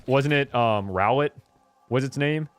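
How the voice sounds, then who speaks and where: A young man streaming a video game, chatting casually, often interrupting himself and breaking into laughter and excited high squeals. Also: unhurried, no room sound, soft background music. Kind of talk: casual gameplay commentary.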